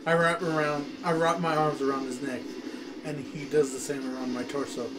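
A man's voice: on the high side, level tone, moderate pace, background noise. A man reading a fanfiction story aloud in a giggly, stumbling way, with music playing behind him. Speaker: fanfiction reader.

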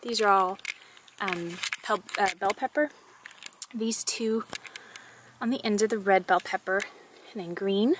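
A slightly breathless woman with a mid-range voice chats casually as she walks through her outdoor garden, giving a vlog tour. She's upbeat and chatty, with fillers and small laughs, and there's noticeable background noise.

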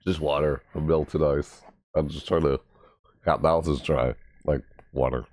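A man hosting a casual reaction video, rambling excitedly about a game trailer. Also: a little slow, no room sound. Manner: excitable, rambling, mimics game voices in high yelps.

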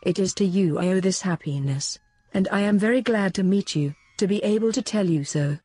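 A woman's voice: mid-range voice, a little fast, mellow, slightly rough, dry recording, close to an everyday voice. Woman reading as a grateful old soldier. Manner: earnest, emotional telling. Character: grateful old male soldier, former captain.

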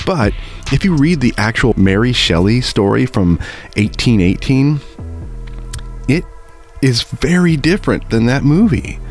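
A man speaks casually and chattily, breaking off into nerdy side notes before settling into reading a book aloud. His voice is very low. Faint music plays behind him. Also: a little mellow. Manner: chatty, self-interrupting, nerdy asides. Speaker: digital artist and video host.

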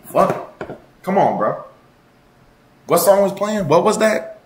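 A man streaming live, chatting casually with his viewers in a loud, profane, joking and rambling way. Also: sits high, sing-song, slow pace, heavy background noise. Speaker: livestreamer. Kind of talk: casual livestream chat. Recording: roomy echo.

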